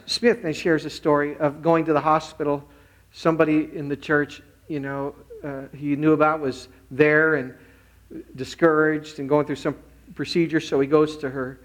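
A man, a pastor, preaching a Christmas sermon and retelling stories with animated quoted voices. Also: fairly high pitch. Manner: animated storytelling, acting out quotes.

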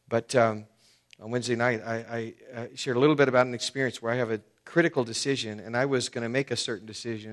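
A man preaching a sermon as pastor, talking in a conversational, personal way with frequent restarts. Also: medium pitch.

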